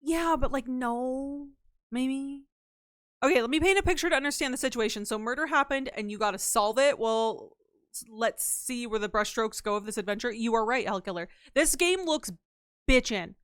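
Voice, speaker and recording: A woman's voice: fairly high pitch, animated, moderate pace, fairly bright tone, no room sound, studio quality. A woman streamer chatting casually and playfully with her live chat, teasing and slipping into silly voices.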